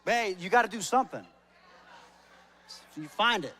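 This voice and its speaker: A man's voice: sits high, expressive, normal speed, sharp tone. Chatty male pastor with a raised voice. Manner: conversational and joking, repeats words when starting sentences. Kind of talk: sermon. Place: church service.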